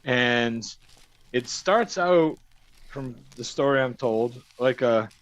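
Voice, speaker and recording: Speaking slowly at a medium pitch, a streamer recounts a crude story full of profanity, animatedly performing the quoted lines. The recording is dry.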